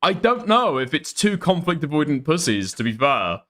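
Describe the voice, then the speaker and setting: A man's voice: a little high, sing-song, normal speed, fairly bright tone. Blunt, profane male streamer. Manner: blunt, profane, repeats "okay?". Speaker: streamer commentator. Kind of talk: casual reaction commentary.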